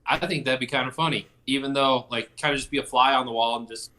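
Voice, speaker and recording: A man's voice: medium pitch, fairly even intonation, quick pace, bright, forceful tone. A man co-hosting a casual podcast, rambling through stories, swearing freely and joking around. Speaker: podcast co-host. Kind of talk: casual chat.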